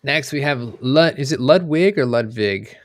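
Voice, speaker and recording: A man co-hosting a casual card game livestream, relaxed, reading card stats aloud and hedging with "I think". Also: medium pitch, a little slow. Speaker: co-host. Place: home studio, livestream.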